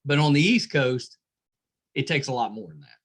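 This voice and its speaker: A man's voice: medium pitch, lively intonation, moderate pace, a bit bright. A middle-aged man hosting a podcast interview, easygoing and jokey in casual chat. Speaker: podcast host.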